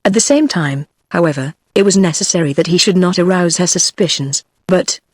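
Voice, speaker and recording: British tts lady reading an old novel, flat even delivery, dry sound. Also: on the low side, brisk, no room sound. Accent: British English. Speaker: audiobook narrator. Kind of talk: text-to-speech book reading.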